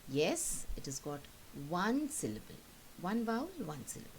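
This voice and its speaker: On poor audio with a faint hiss, a woman teacher with a lowish, sing-song voice gives a recorded lesson. She patiently models pronunciation by saying each word slowly, twice over.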